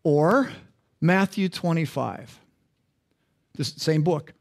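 A man's voice: fairly high pitch, lively intonation, takes it slowly, vocal fry. A male pastor preaching a sermon in a conversational, interactive way, often asking the congregation questions.

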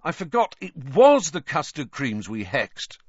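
An actor voicing a mischievous teenage prankster twin who talks in a teasing, jokey way, in a dry, slightly dull studio recording. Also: male voice, a little high, wildly swooping pitch, measured pace, slightly rough, dry recording, voice pushed up, full character voice. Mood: shouting.

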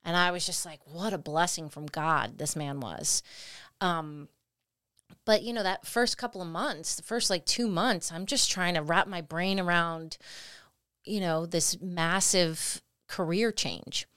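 A woman co-hosting a podcast, telling a personal story in a lively way and acting out her own past words. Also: on the low side, measured pace, clear, resonant tone, no room sound, clean studio sound. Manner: animated, acts out her own past lines. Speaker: podcast co-host. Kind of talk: storytelling conversation.

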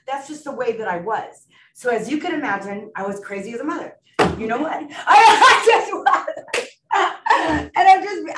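A woman's voice: fairly high pitch, noisy background. A middle-aged woman giving a personal testimony at a support meeting, earnest and emotional, laughing often. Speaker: recovery meeting speaker. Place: meeting room. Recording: echoey room, recorded from far off.

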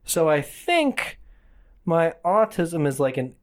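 A man's voice: on the high side, big pitch swings, slow. A man co-hosting a comedy podcast, rambling and self-deprecating in casual chat. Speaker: podcast co-host.

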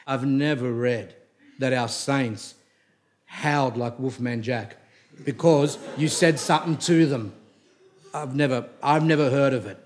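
This middle-aged man delivers a digressive religious talk in a mid-range voice at a measured pace. Stories pile up as he goes, his sentences often begin again, and scolding makes him blunt and forceful.

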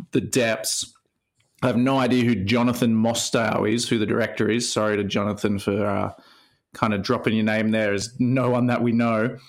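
Male co-host, mid pitch, loose and chatty film banter. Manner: laughing, energetic movie banter. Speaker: podcast co-host. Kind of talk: casual chat.

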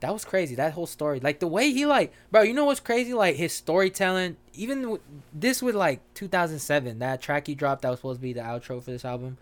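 A man hosting a casual album reaction, excitable and swearing freely as he hypes each track. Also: fairly high pitch, fast talker. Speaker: music reaction host.

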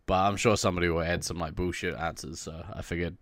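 Deep-voiced New man, slightly sick. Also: fairly even intonation, quick pace, a bit bright, no echo, studio quality. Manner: laughs often, rambling with many fillers. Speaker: podcast co-host. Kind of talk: casual chat.

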